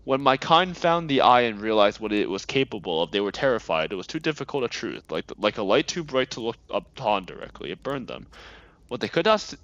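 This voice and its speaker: A man reading aloud the lines of a remorseful ancient alien prisoner, hushed and earnest. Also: medium pitch, big pitch swings, brisk, dry recording, dull audio. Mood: solemn. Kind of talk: reading game dialogue aloud.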